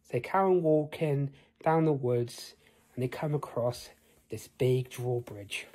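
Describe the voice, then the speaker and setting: Slow, husky storyteller man. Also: mid-range voice, dark tone. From United Kingdom. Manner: rambling, addresses listener with questions. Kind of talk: improvised fantasy storytelling.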